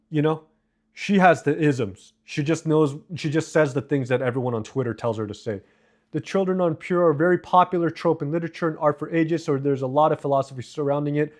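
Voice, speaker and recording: A man live streaming, reading and answering viewer comments in a casual, profane, rambling way. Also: a little high. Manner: profane, rambling, quick asides.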